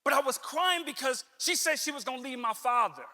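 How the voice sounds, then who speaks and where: Middle-aged guy giving a motivational talk, high bright voice, lots of hall reverb, earnest and chatty. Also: animated, brisk. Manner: earnest, conversational, repeats phrases for emphasis. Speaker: motivational speaker. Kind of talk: motivational talk, personal story.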